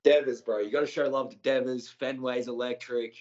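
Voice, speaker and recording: A man co-hosts a casual sports podcast in a mid-pitched voice, excitable and full of slang. He swears casually. The recording sounds slightly muffled. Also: brisk. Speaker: podcast co-host.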